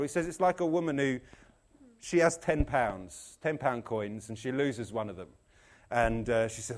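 A man preaching an animated, jokey sermon, acting out the people in his stories. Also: mid-range voice, normal speed. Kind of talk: lively sermon.

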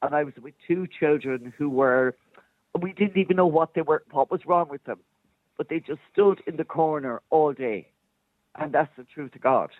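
A woman's voice: low-pitched, normal speed, dry recording. Passionate woman on a phone line. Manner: passionate, insistent, emotional. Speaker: caller, special needs assistant. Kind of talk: phoned-in radio debate.

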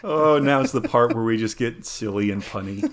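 A male podcast host telling a history story in casual chat. He rambles, restarts sentences and laughs often, his voice sitting at an ordinary middle pitch. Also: normal speed.

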